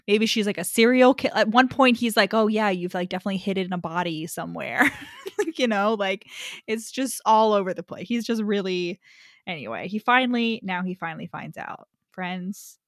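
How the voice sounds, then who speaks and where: A woman's voice: mid-range voice, no room sound, studio quality. A woman co-hosting a book podcast in casual chat, rambling with lots of "like" and frequent laughter. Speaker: podcast co-host.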